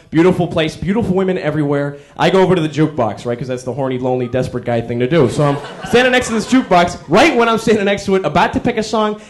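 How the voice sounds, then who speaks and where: A man doing a stand-up routine, telling stories in an animated, exasperated way. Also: a little high. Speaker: stand-up comedian.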